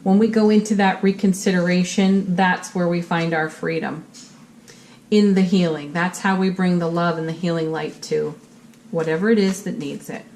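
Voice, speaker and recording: A woman's voice: fairly low pitch, steady tone, normal speed, a little mellow, a little hiss or hum. A woman giving a monthly tarot reading to her viewers in an upbeat, encouraging way, full of spiritual phrasing. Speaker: tarot reader.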